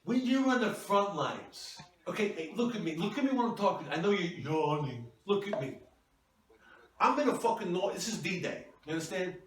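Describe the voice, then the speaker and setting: A man's voice: high voice, expressive, normal speed, voice pushed up. Raised-voice online crusader ranting like he's at war, a comedian puts him on, echoey room, mic far off. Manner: profane, bullying, bombastic war talk. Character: ranting, self-important online free-speech warrior, man. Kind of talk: comedic character sketch.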